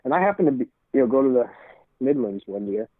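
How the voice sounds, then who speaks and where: A man's voice: medium pitch, expressive, quick pace, dry recording. Middle-aged guy rambling through a story, repeats himself a lot, tinny phone-ish sound, dry. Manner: rambling, repeats words, acts out quoted dialogue. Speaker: interview guest. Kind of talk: casual storytelling.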